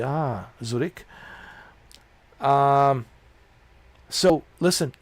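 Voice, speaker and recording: A man's voice: medium pitch, lively intonation, normal speed, long pauses, no room sound. A middle-aged man streaming games, ranting bluntly and profanely in a preachy tone. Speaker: gaming streamer. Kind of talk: livestream rant.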